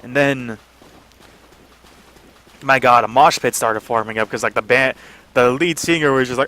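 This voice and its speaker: A man's voice: mid-range voice, lively intonation, moderate pace, bright, forceful tone. A young man casually telling a rambling story over gameplay, full of fillers and swearing. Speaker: gaming channel host.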